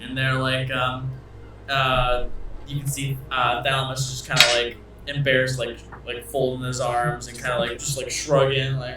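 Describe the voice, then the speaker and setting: A man's voice: mid-range voice, monotone, moderate pace, background noise. A man narrating a tabletop game as game master, rambling with many fillers. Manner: rambling, many uhs and likes, laughing. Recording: echoey room, far from mic.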